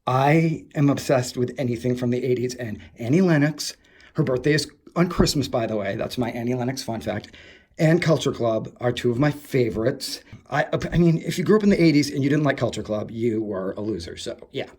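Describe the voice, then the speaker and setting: A man, vlogging while exploring an abandoned asylum indoors, gushing excitedly, swearing and rambling to himself. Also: mid-range voice, a little fast, husky. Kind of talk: casual explore vlog, talking to camera.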